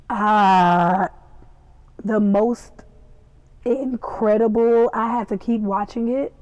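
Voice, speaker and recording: A young woman hosting a podcast casually chats about a TV episode, retelling it in an animated, gossipy way and acting out the characters' lines. Her voice is mid-range, and the dry recording has its highs cut off.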